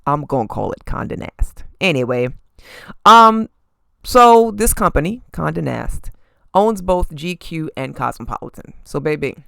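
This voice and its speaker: A woman hosting a podcast, giving sassy, animated celebrity gossip commentary and often tossing in "okay?" asides. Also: low voice, a little slow, gravelly, no room sound, clean studio sound. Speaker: podcast host.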